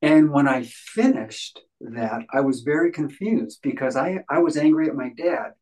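A man's voice: a little high, normal speed, darkish tone, poor audio. A man talking as a guest in an interview, earnest and emphatic, often repeating phrases for stress. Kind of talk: conversational podcast interview.

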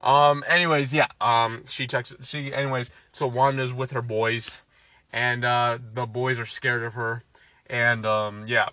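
A man's voice: mid-range voice, fairly even intonation, moderate pace, pushed and bright, dry recording. Exasperated man ranting about a movie. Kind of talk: casual movie recap chat.

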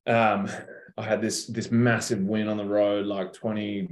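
Young Australian guy, deep and monotone, relaxed storyteller with a salty mouth; echoey room. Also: measured pace. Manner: laid-back, swears freely, tells stories. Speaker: professional basketball player, guest. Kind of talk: casual interview chat. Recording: roomy echo.

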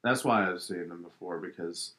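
Low-voiced guy co-hosting a movie podcast, quiet, short agreeable replies. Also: moderate pace, poor audio. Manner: quiet, brief, agreeable answers. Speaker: podcast co-host. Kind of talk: casual movie podcast chat.

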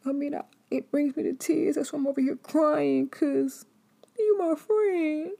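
A woman voicing a gushing, fake-sympathetic female friend who talks high, breathy and overly sweet. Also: unhurried, dark tone.

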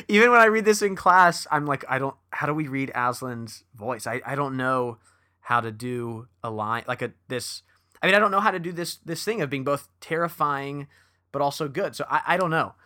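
A man's voice: medium pitch, expressive, normal speed, sharp tone. A man co-hosting a casual book discussion, talking with enthusiasm and reading passages aloud. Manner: enthusiastic, many restarts. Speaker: podcast co-host.

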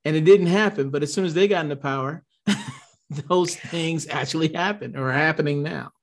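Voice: mid-range voice, normal speed. A host in a political conversation, mostly agreeing and speaking hesitantly with many fillers.

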